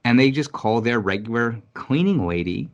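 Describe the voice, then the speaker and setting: A New York City man co-hosting a podcast chats casually, blunt and emphatic, swearing a lot and restarting his sentences. His mid-range voice is animated at a moderate pace, and the recording has its highs cut off.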